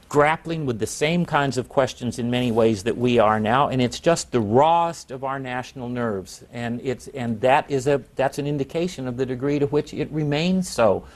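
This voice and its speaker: A man, a historian, answering interview questions in a measured, reflective way. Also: medium pitch.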